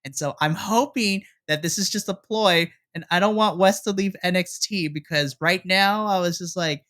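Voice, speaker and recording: A man's voice: high voice, normal speed, few pauses, bright, forceful tone. A man co-hosting a wrestling podcast in casual chat, recounting the show in a chatty, playfully dramatic way.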